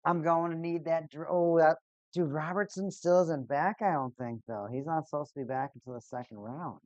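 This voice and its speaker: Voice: medium pitch, normal speed, darkish tone, no echo, highs cut off. A live-stream host in casual chat with viewers, exasperated and sarcastic while talking to the audience.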